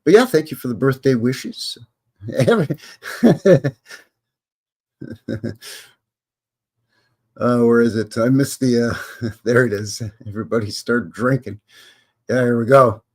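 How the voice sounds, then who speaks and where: A husky-voiced man in his fifties chats on a live stream. He rambles and jokes, his pitch rising and falling in a lively way. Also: slow, pauses often. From Canada. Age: 50s. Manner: joking, rambling, drops into silly voices. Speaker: host. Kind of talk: casual live-stream chat.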